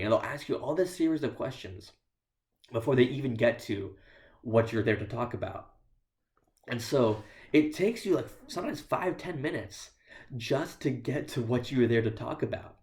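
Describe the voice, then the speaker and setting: A man's voice: medium pitch, moderate pace, darkish tone. A man speaking as a visiting missionary in church, telling stories with dry, self-deprecating humor. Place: church sanctuary. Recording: echoey church room.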